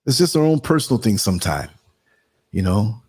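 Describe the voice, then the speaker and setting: Host type: New York man, lowish husky voice, loose chatty delivery, talks while clicking around. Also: big pitch swings, brisk, darkish tone. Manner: chatty, laughs often, talks while working the computer. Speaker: live show host. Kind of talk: casual livestream talk.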